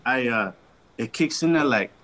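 A young man with a mid-range, fairly bright voice and lively intonation tells a long story on a podcast at a moderate pace. He swears a lot, speaks in relaxed slang and acts out what people said in their voices. The recording is low quality, with slight background noise.

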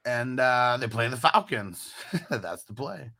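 Man with a very bright, tense voice. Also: medium pitch, slow, creaky, a little hiss or hum. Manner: laughs often, excitable, profane. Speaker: co-host reading viewer comments. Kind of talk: casual fantasy football chat.

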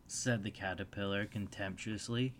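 Steady male storybook narrator. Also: lowish voice, moderate pace. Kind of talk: reading a story aloud.

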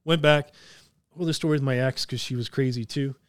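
On his podcast, a man from southern Ontario, Canada spins casual, profane stories, laughing a lot and staying animated. His mid-range voice is fairly quick with a clean tone, captured as a dry recording with clean studio sound.

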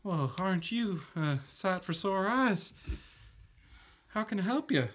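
A man's voice: high voice, lively intonation, slow, a bit bright, pitched above the performer's own voice, exaggerated voice. A man doing a stammering blushing boy clerk. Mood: eager.

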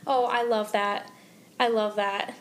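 A woman co-hosting a podcast in casual chat, reacting with gasps, quick exclamations and easy laughter. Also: medium pitch, flat delivery, slight background noise. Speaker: podcast co-host.

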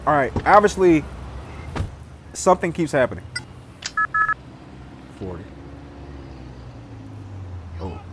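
In a very noisy recording with loud game sounds behind him, a man in his thirties hosts a gaming video with casual commentary as he plays. His voice sits on the high side and is very animated but slow, with frequent pauses, and he often exclaims, laughs, and talks to himself.

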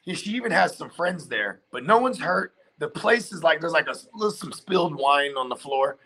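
A man's voice: fairly high pitch, lively intonation, brisk, bright, forceful tone. A man hosting a casual chat, telling a long story loosely with lots of fillers and swearing. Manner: rambling storyteller, heavy filler and profanity.

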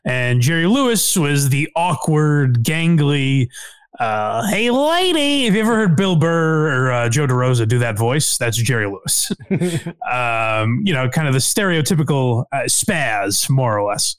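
A man hosting a podcast in casual chat, hesitant, with many fillers and sudden upward pitch jumps. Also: lively intonation, measured pace, clear, resonant tone, no room sound. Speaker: podcast host.

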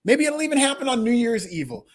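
A man's voice: extremely high pitch, sing-song, fast talker. A man co-hosting a casual podcast, sharing gushing, enthusiastic opinions. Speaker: podcast co-host. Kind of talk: casual wrestling podcast chat.

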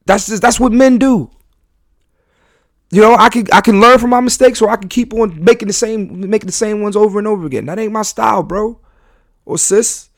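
A man's voice: high-pitched, brisk, no echo, studio quality. Fired-up man confessing on a podcast. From New York. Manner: confessional, rambling with many restarts and slang. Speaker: podcast host. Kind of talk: candid podcast monologue.

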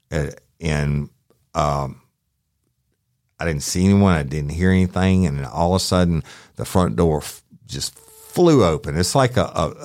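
A middle-aged man tells a true-crime story in a rambling, profane way, acting out what people said. His voice sits extremely low and deep. The recording is dry and close, with no room sound. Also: darkish tone, no room sound. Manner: rambling, profane, acts out quotes. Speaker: podcast host, former sheriff's deputy.

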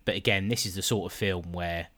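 A man's voice: deep voice, steady tone, brisk, fairly bright tone. A man co-hosting a casual film review podcast, talking in a dry, sarcastic way with plenty of swearing. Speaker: podcast co-host.

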